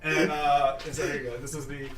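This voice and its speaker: A man narrating as game master in a tabletop game, animated and laughing often. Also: on the high side, brisk, far from the mic. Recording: echoey room mic'd from afar, crowd behind.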